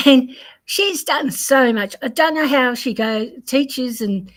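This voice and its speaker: A woman's voice: high-pitched, slow, fairly bright tone. An older Australian woman hosting a casual crochet livestream, chatting and laughing as she greets viewers. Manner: chatty, rambling, laughs often. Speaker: livestream crochet channel host.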